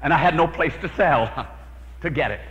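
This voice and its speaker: A man's voice: on the high side, lively intonation, moderate pace, fairly bright tone. A man preaching a sermon, telling a personal prayer story with dramatic storytelling and acting out his own prayers. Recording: lo-fi hall recording with long reverb.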